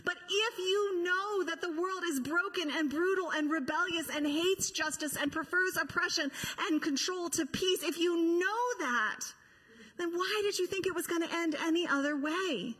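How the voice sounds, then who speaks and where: A woman preaching a passionate sermon in a high, bright voice that rises and builds. She drives her points with rhetorical questions, and a long reverb trails her words through a large church hall. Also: normal speed. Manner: impassioned, rhetorical preaching with acted quotes. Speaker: pastor.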